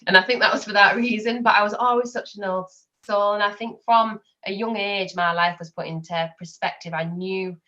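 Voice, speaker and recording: A woman's voice: mid-range voice, steady tone, normal speed, hardly any pauses, bright, forceful tone, lo-fi sound. A woman, a podcast guest chatting openly and telling personal stories. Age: 20s. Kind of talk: casual chat.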